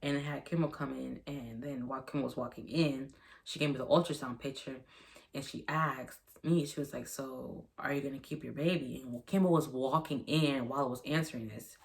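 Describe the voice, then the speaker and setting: Young woman rambling thru a storytime, super deep voice with lots of fry. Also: steady tone, a little fast. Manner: rambling, repetitive retelling with quoted dialogue. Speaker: vlogger. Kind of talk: storytime vlog.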